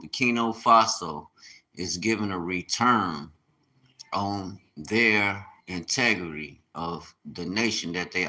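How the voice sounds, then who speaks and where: A man chatting on a live stream in an animated, preachy, joking way, laughing often. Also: on the low side, poor audio. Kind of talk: casual live-stream chat.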